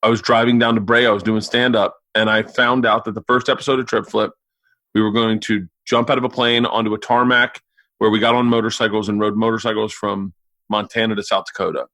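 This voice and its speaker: A man's voice: on the low side, fairly quick, no echo. A man on a remote call, telling a casual story full of swearing and acted-out quotes. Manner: profane, animated, acts out loud quotes. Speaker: guest.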